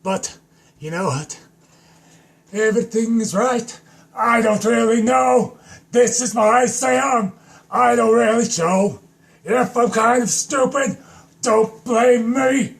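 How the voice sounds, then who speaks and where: High gravelly man rambling on stream. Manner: silly, rambling, slow and drawn out with sudden shouts. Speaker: live streamer. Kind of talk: goofy solo live stream.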